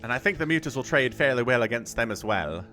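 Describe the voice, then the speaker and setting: A cheery, over-the-top Australian game caster, as a man puts him on with a put-on accent. The voice sits higher and louder than a natural one, with exaggerated slang throughout. Steady background music plays underneath. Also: fast. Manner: exaggerated slang, raised pitch, loud. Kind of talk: mock-Australian game commentary.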